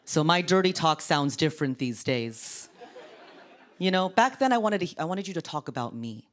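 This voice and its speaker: A woman in her thirties from Orange County doing stand-up on a TV studio stage, with a deep, sultry voice and deadpan, self-mocking delivery. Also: normal speed. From Orange County, California. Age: 30s. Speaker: comedian. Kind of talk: stand-up comedy. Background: studio audience laughter.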